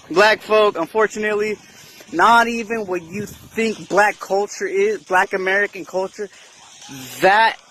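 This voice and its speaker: High-voiced man, slow casual explainer. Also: a bit bright, a little hiss or hum. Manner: keeps asking "right?" while explaining. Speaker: video commentator.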